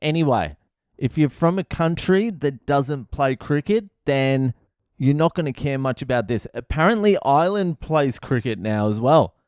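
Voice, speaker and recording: A man's voice: medium pitch, expressive, moderate pace, a little mellow, dry recording. A man with an Australian accent hosting a podcast, giving brash, profane comedic advice into a close mic. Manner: brash, sweary, rowdy.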